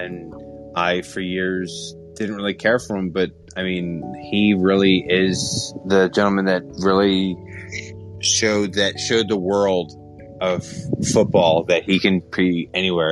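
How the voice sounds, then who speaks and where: A man's voice: low voice, fairly even intonation, a little slow, over music, poor audio. A man hosting a podcast, talking sports in a casual, earnest and rambling way. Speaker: podcast host.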